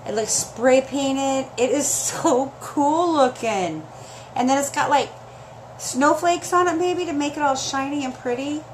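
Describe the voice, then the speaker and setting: A woman's voice: sits high, a little slow. A woman hosting a chatty live sale stream, gushing and emotional as she talks straight to her viewers, her throat scratchy and dry.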